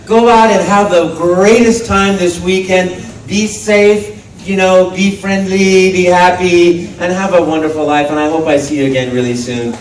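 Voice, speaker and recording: Male voice actor, panel Q&A, lively storyteller, caught from far off on a phone mic with faint hum behind. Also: sits high, moderate pace, hardly any pauses. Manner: animated, playful, acts out quoted dialogue. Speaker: voice actor, convention panel guest. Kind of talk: storytelling Q&A with an audience. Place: large convention hall. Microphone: phone recording from the audience. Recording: echoey hall, distant phone mic.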